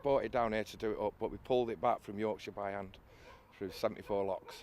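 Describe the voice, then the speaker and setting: A man with a fairly low voice tells a long story, stumbling over uhs and restarting his sentences. A faint outdoor ambience runs underneath. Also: steady tone, quick pace, darkish tone, a little hiss or hum. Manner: hesitant storytelling, many uhs, laughs at own story. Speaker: boat restorer. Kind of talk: casual interview anecdote.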